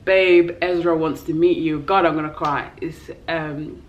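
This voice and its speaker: A woman's voice: deep voice, steady tone, moderate pace, dull audio, a little hiss or hum. A young woman with a London accent, a vlogger telling an emotional personal story in a heartfelt, tearful way. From England. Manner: tearful, heartfelt, acts out voices in her story.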